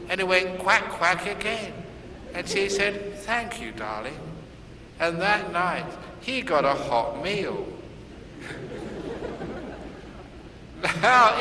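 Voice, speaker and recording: A man's voice: a little high, bright, forceful tone, slight background noise. A man, a Buddhist monk, giving a dharma talk with humorous storytelling. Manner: humorous storytelling, laughing at his own jokes. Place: Singapore, large hall. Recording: echoey hall from far off, faint ambience.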